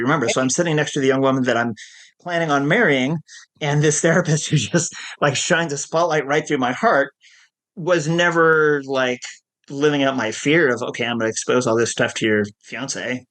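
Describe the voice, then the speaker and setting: A man's voice: a little high, a little fast, a bit bright. A middle-aged man who works as an addiction counselor, telling his story in an interview in a candid, self-deprecating way and laughing easily.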